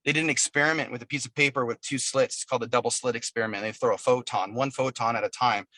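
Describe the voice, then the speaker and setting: A man's voice: medium pitch, steady tone, fast talker, pushed and bright, dry recording. A man being interviewed over a video call, chatting casually as a musician guest, telling long stories in a loose, profane way. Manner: profane, rambling storyteller.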